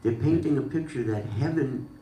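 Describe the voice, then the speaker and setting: A man in the audience making measured, skeptical remarks during a lecture. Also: mid-range voice, dark tone. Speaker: audience member. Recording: roomy hall, faint background noise.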